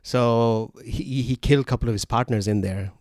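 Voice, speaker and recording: A man hosting a casual podcast, telling stories in a rambling way with fillers and quick laughs. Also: mid-range voice, a little mellow, no room sound, studio quality. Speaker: podcast host.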